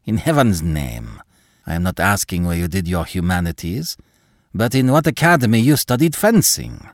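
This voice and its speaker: A man's voice: sits low, sing-song, moderate pace, no echo, studio quality. A man voicing an abrupt, impatient male fencing master who questions sharply. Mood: brusque.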